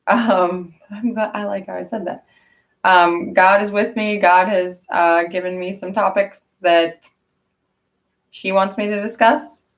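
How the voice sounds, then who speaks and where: A woman's voice: medium pitch, fairly even intonation, unhurried, recorded from a distance. A woman vlogger, chatting casually on a livestream in a blunt, profane, rambling way.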